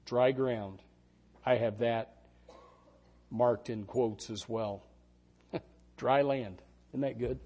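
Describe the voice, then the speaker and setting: A middle-aged man preaching a sermon, telling stories with sudden shouted quotes. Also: medium pitch, drawn-out words, pauses often, slightly rough. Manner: animated storytelling with shouted quotes. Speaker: pastor.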